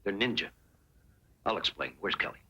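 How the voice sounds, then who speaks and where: An actor playing an earnest stranger who speaks calm encouragement in an old action film. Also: male voice, normal speed, music in the background, natural voice. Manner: earnest, low-key encouragement.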